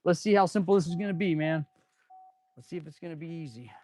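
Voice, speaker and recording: A man's voice: on the high side, fast talker, dark tone, slight background noise. Laid-back chatty mechanic guy. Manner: laid-back, chatty, talking to viewers, says "dude" and "man". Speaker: auto mechanic and channel host. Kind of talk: casual live-stream chat while working. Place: auto repair shop.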